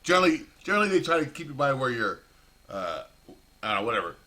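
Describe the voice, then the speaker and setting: Guy rambling through a prison story, cussing a lot, bright voice that jumps all over. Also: medium pitch, fast talker. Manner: profane, rambling, animated. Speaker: vlogger telling a prison story. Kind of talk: casual storytelling monologue.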